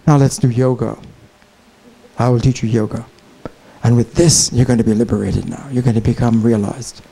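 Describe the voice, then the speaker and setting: A man's voice: mid-range voice, steady tone, normal speed, creaky, mellow, pitched below the performer's own voice, low-quality recording. A man voicing a jovial male divine teacher who coaxes and teases a despairing warrior during a lecture story. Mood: coaxing. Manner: teasing, coaxing.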